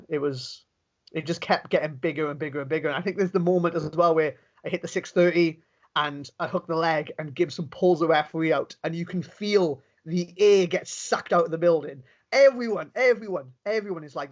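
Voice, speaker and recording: A Welsh man, a professional wrestler, telling stories in a casual interview, animated and quick with many restarts. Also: fairly high pitch, muffled recording. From Wales.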